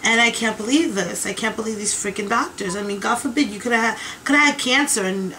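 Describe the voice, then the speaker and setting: A woman talks through a casual video diary in a bright, sharp-edged voice set a little high. She rambles and vents with chatty exasperation, and she rarely pauses. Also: a little hiss or hum, poor audio. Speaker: vlogger.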